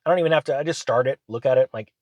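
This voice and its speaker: A man, hosting his channel and telling rambling, animated business stories in casual chat. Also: medium pitch, very fast, dry recording. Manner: rambling, animated anecdotes with acted quotes. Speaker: channel host. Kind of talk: casual storytelling monologue.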